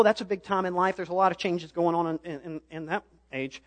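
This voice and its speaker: High-voiced young male preacher. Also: steady tone, brisk. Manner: storytelling, builds to impassioned shouting. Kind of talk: sermon. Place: church stage.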